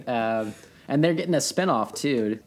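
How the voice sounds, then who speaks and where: A man's voice: medium pitch, animated, normal speed. A man in casual movie chat, easygoing and agreeable, often saying yeah and laughing.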